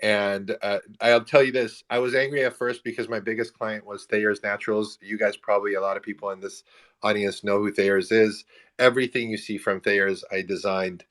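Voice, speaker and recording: A man with a low voice in his forties tells stories in a casual online audio chat. He is animated and self-mocking, and laughs often. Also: normal speed.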